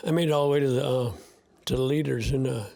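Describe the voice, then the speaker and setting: A man's voice: medium pitch, steady tone, fast talker, gravelly, dark tone. A man in an interview, talking about his sled dogs in an earnest, heartfelt way, often restarting his sentences. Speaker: interview guest, sled dog musher. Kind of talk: candid interview talk.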